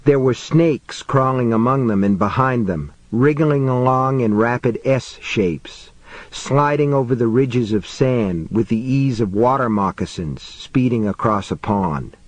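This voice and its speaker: A man narrating a suspenseful audiobook in a measured, tense storytelling manner. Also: medium pitch, no echo, rough recording.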